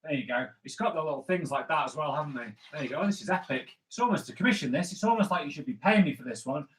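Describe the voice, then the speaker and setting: In this draw-along livestream, a man who makes comics banters and cracks jokes as he fills viewer requests. He sounds a little high and animated, talking at a racing clip, and the audio quality is poor.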